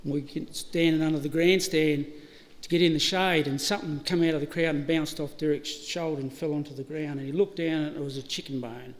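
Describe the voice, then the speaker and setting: A man's voice: on the high side, fairly even intonation, brisk, hardly any pauses. A middle-aged Australian man giving a chatty eulogy at a funeral service, telling stories with laughs and restarts. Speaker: eulogy speaker. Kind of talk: storytelling eulogy. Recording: hall reverb, live stream.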